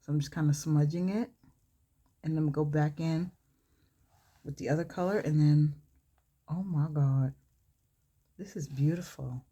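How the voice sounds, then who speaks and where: A woman's voice: sits low, steady tone, a little slow, pauses often, warm tone, breathy edge. A woman beauty vlogger telling a story while doing her makeup, chatty, laughing often and gushing over the results. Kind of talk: storytelling during a makeup tutorial.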